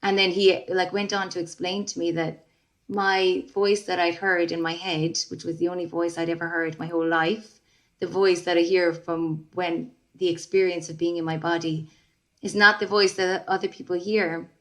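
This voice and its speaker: A woman's voice: fairly low pitch, little pitch movement, normal speed. A woman, a singer-songwriter, talking reflectively in a casual interview with many fillers and restarts. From Ireland.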